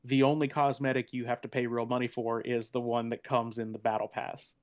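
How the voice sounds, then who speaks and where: A man's voice: mid-range voice, flat delivery, a little fast. A man talking casually on a gaming podcast. He restarts his sentences often and laughs between points. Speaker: podcast panelist.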